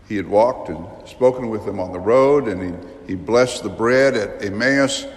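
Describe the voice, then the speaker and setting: A man preaching a sermon, telling a story vividly with emphatic rises and dramatic pauses. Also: on the low side. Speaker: priest. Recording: long reverb of a large church.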